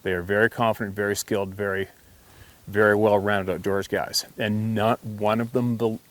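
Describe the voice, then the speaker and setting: Hunting channel host, male, low-ish voice, blunt and emphatic, rambling casual storytelling. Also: little pitch movement, normal speed.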